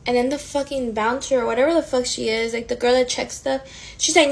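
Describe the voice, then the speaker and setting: A woman in her twenties telling a storytime in a casual, animated way, swearing often and full of fillers. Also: high-pitched, brisk, vocal fry, low-quality recording. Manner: profane, animated, frequent fillers.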